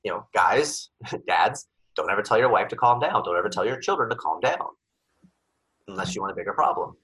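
A man talking as a podcast guest, animated, acting out little scenes with sudden bursts. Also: on the low side, brisk, husky, rough recording. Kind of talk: podcast conversation.

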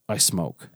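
A man voicing a hesitant, troubled man pleading to his pastor, in a slow and halting way. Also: fairly bright tone, no room sound.

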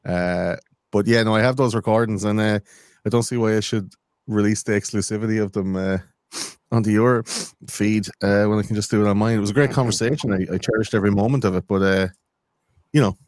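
A man's voice: fairly low pitch, fairly even intonation, fairly quick, darkish tone, no echo, studio quality. A man guesting on a podcast, rambling through sarcastic, crude jokes. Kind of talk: crude casual banter.

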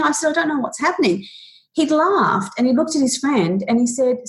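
This podcast guest, a woman in her forties, has a high-sitting, animated voice as she relives a painful chapter of her life, halting, emotional, and full of restarts. She raises her voice to act out the lines others spoke.

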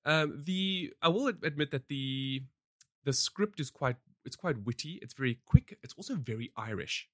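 A man's voice: fairly high pitch, expressive, moderate pace, no echo, studio quality. A man hosting a podcast, chatting casually about films in a rambling way with many fillers and frequent laughs. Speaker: podcast host reviewing films. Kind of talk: casual chat.

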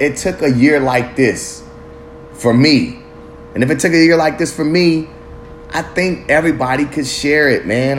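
A man's voice: medium pitch, slight background noise. Profane laid-back man musing on a podcast. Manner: loose, profane, street slang, rambling reflective. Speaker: podcast host. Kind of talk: casual solo podcast monologue.

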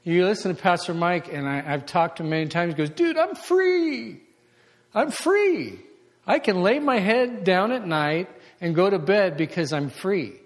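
A man preaching a conversational sermon, animated and acting out the voices of people he quotes. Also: high voice, normal speed, few pauses. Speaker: pastor. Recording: long hall reverb.

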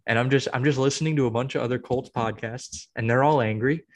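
A man's voice: mid-range voice, brisk. Young guy on a podcast ranting about his team, rambly, keeps restarting sentences. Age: young adult. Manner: rambling, exasperated sports venting with many restarts. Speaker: podcast co-host. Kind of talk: casual chat.

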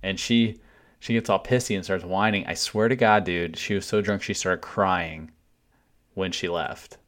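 A man with a very low voice tells a story on a podcast, blunt and loose, dropping swear words without a second thought. The delivery is relaxed, conversational and unpolished. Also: normal speed. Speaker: podcast co-host. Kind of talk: casual profane storytelling.

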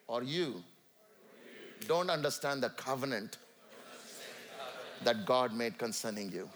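A man with an Indian accent preaching a sermon to a church congregation, swinging from loud calls to quiet asides. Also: high-pitched, big pitch swings, takes it slowly. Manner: emphatic, rising and falling between loud calls and quiet asides. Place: church sanctuary.

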